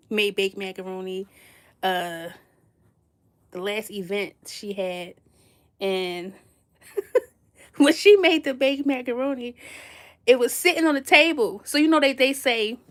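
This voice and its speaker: A woman's voice: fairly high pitch, fairly bright tone. A woman telling a funny personal story in a casual, slangy way, laughing often and teasing playfully. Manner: slangy, chatty, addresses listeners directly.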